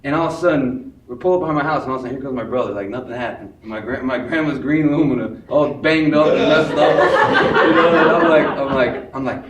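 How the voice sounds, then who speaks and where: Guy from chicago telling a story on stage, high voice, lively, does everyone's voices, sounds far off with a crowd around. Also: quick pace. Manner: animated, acts out the voices of people in the story. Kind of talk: live personal storytelling. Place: live stage before an audience. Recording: echoey room, far from the mic, audience.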